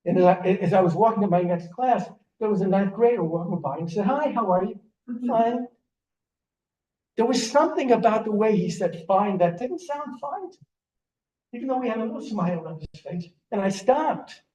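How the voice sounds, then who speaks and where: A man's voice: high-pitched, lively intonation, a little fast, dark tone, lo-fi sound. An older man giving a sermon as a rabbi, telling stories earnestly, often restarting his words. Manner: storytelling, earnest, with repeated restarts. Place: synagogue sanctuary. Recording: echoey room, voice from a distance.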